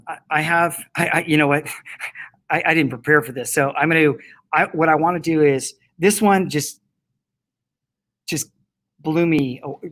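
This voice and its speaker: Male guest, eager and upbeat, pitched a bit high. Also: a bit bright, low-quality recording. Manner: enthusiastic, laughs often, many restarts. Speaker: guest, company founder. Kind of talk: casual interview. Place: indoor room with air conditioning.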